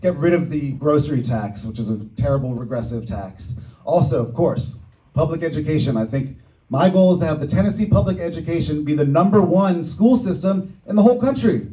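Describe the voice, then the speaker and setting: Joking candidate at a stump speech. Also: male voice, on the high side, lively intonation, brisk, mellow, recorded from a distance, rough recording. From Boston. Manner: joking, upbeat campaign delivery. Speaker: political candidate. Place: community event hall.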